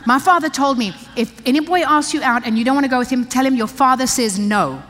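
An older woman, the pastor's wife, delivers a conversational, emphatic sermon to women in a church. Her voice is high and fairly bright, and she talks fast. The recording carries the long reverb of a church hall.

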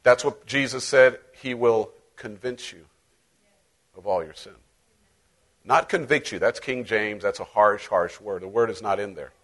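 A man's voice: fairly low pitch, measured pace, fairly bright tone. A middle-aged male pastor preaching a sermon in a conversational, playful way, acting out little voices as he goes.

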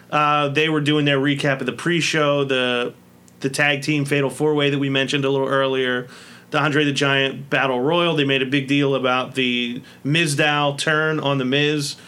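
Male podcast co-host, bright and sharp-toned, easygoing and chatty. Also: on the high side, clean tone. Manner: chatty, laughs often. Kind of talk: casual chat.

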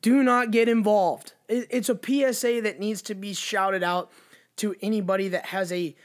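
A man with a notably high voice spins a story in a casual chat. He swears freely and leans hard on his words, animated and emphatic throughout. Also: normal speed.

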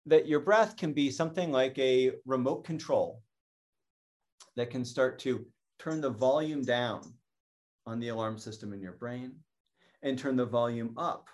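Man, middle-aged, mindfulness teacher, calm and earnest, restarts phrases, medium pitch. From North America. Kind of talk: educational talk.

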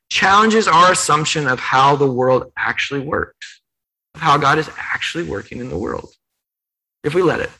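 A man's voice: on the high side, pushed and bright, poor audio. A man preaching a sermon, earnest and emphatic, retelling scripture in his own words with repetition. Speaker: pastor.

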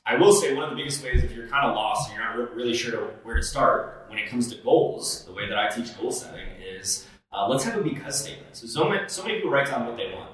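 A man's voice: mid-range voice, animated, fast talker, a bit bright. A man talks in an earnest, coaching way on a casual podcast, with plenty of fillers and restarts. His voice sits in the middle range. He is recorded from a distance in a very echoey room. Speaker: podcast co-host.

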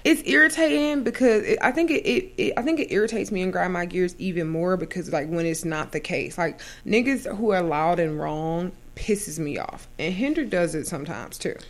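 A woman's voice: lowish voice, moderate pace, hardly any pauses. Profane ranting young woman podcaster. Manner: animated, profane ranting with mimicked quotes. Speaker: podcast co-host. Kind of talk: casual chat.

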